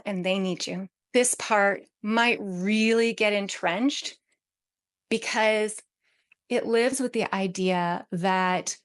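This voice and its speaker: A woman with a social work background giving parenting advice to camera in a calm, steady coaching tone, often checking in with "right?". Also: mid-range voice. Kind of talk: direct-to-camera advice talk.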